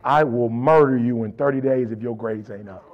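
A man's voice: medium pitch, normal speed, a little mellow, dull audio. A middle-aged man and motivational speaker, telling stories in a colloquial, emphatic way. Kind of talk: storytelling motivational talk.

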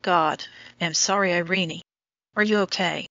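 A woman's voice: lowish voice, fairly even intonation, a little slow, a bit bright, no room sound. A woman voicing an intense, lovesick young man in an audiobook romance, speaking in an urgent, pleading way. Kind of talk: audiobook dialogue reading. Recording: dull lo-fi audio.

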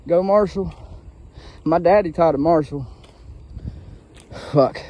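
A man's voice: fairly high pitch, takes it slowly, lo-fi sound. Profane, winded man rambling on a bike ride. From Ohio. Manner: profane, meandering, tired. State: winded from walking a bicycle uphill. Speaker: vlogger. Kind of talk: casual rambling monologue.

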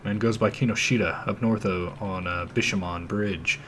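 A man's voice: on the low side, steady tone, moderate pace, fairly bright tone, a little hiss or hum, lightly acted. A man voicing a wry, easygoing older male shopkeeper. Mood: dry.

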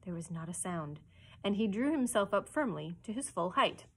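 A woman librarian reading a children's chapter book aloud with expressive storytelling narration. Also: medium pitch, normal speed, slight background noise.

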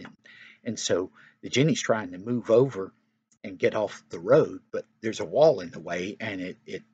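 Husky-voiced man telling a Bible story. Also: lowish voice, dry recording. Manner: casual and conversational, often begins with "well". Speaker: Sunday school teacher. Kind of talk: Bible storytelling for young children.

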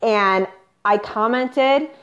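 A woman's voice: a little high, very slow, a bit bright. A woman business coach on an unscripted live stream, chatty and pushy, peppering her talk with "like" and "you guys". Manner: upbeat and pushy, coaching the viewers directly. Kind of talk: unscripted Facebook live training. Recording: slightly dull lo-fi livestream audio.

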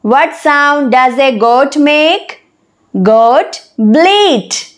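A woman with a high voice teaches young children, her delivery drawn out and very slow. She speaks deliberately, like a lesson narration, and pauses to spell words out letter by letter. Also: expressive.

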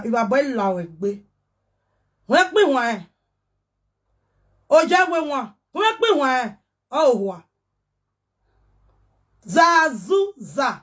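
Husky high-ish nigerian pidgin woman on a livestream, loud and excitable, keeps chanting sing-song syllables. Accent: Nigerian Pidgin English. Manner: excitable, breaks into chanted nonsense syllables and laughter. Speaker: social media personality. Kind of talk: casual livestream rant.

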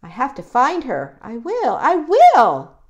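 Woman doing a high anxious baby bird. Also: wildly swooping pitch, takes it slowly, highs cut off, exaggerated voice. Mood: determined. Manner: high eager pleading.

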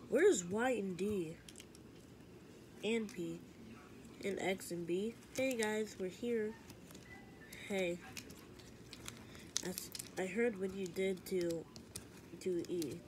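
A woman's voice: medium pitch, takes it slowly, pauses often. A woman performing every character of a homemade story herself, moving between plain lines and shrieked, wailing cries. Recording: noisy homemade recording.

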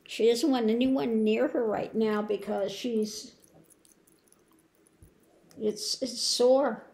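A woman giving a rambling home update, talking softly and cooing to her pets. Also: fairly high pitch, steady tone, takes it slowly, vocal fry, a little hiss or hum. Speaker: spiritual tarot channel host.

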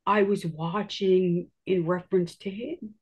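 A woman with a husky, slightly rough voice tells a personal story in a loose, rambling way. She leans on filler words and acts out what people said as she goes. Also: fairly low pitch, fairly even intonation, measured pace, lo-fi sound.

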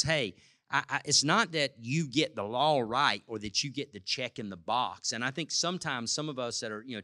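A man's voice: medium pitch, sharp tone, dry recording, clean studio sound. A male pastor, sharing family stories in a casual conversational sermon with many restarts.

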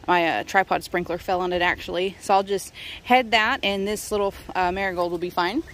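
A woman's voice: fairly low pitch, steady tone, fairly quick, a bit bright. A woman giving a casual garden-tour vlog outdoors, chatty and enthusiastic as she lists her plants. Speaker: gardening vlogger. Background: faint wind and outdoor noise.

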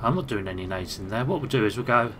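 A man's voice: on the low side, animated, fast talker, background noise. A British man giving casual let's-play commentary, chatting and thinking aloud as he plays and reading game text aloud. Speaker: gaming channel host.

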